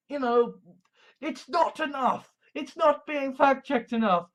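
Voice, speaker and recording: A man's voice: extremely high pitch, takes it slowly, fairly bright tone, poor audio. A man ranting in a sarcastic, exasperated way, swearing often and repeating a mocking phrase in escalating outbursts. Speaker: online commentator. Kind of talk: ranting commentary compilation.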